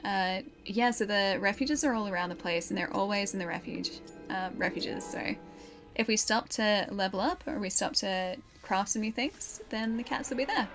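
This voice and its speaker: A woman's voice: mid-range voice, moderate pace. Giggly woman streaming a game. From Australia. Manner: chatty, giggly, answers viewer chat. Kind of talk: casual live-stream chat while playing. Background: game music clearly audible.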